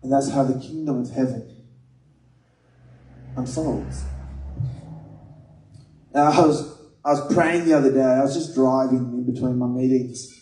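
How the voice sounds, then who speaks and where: A man's voice: mid-range voice, steady tone, unhurried, long pauses, warm tone. A man preaching a sermon, earnest and conversational, mixing scripture with personal stories. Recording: echoey room, mic at a distance.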